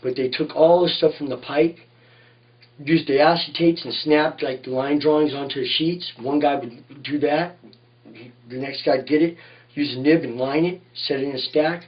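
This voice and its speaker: A man's voice: on the high side, steady tone, moderate pace, distant mic, dull audio. A man, a tattoo artist, telling shop stories in a rambling, profane way in a casual interview, often saying "you know what I mean".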